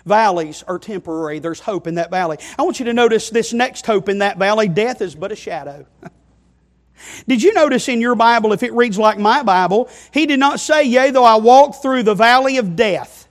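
High-voiced male preacher. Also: lively intonation, brisk. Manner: emphatic, addresses listeners as friend and child of God; asks listeners rhetorical questions. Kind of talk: sermon.

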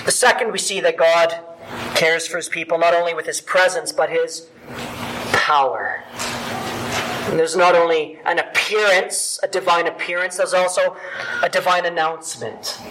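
A male pastor preaching a sermon with emphatic, animated delivery and big swings in loudness. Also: a little high, moderate pace, background noise.

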